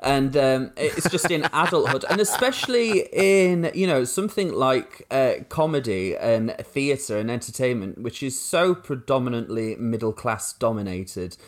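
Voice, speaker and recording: Northern English man, halting chat. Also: medium pitch, animated. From Yorkshire. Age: 30s. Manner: halting, many restarts, laughs easily. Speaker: comedian guest. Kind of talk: casual interview chat. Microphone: remote call.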